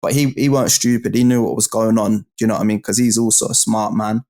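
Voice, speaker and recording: A man's voice: on the low side, fairly even intonation, fast talker, darkish tone. A man with a British accent, a guest in an interview, telling stories in a casual, slang-heavy way and often asking "do you know what I mean". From United Kingdom.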